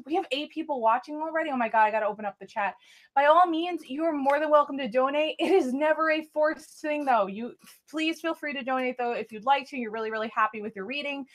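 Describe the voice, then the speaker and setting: A woman's voice: high voice, fast. A woman chatting casually on a live stream, reading out viewer names, thanking viewers and apologizing a lot. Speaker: live-stream tarot reader.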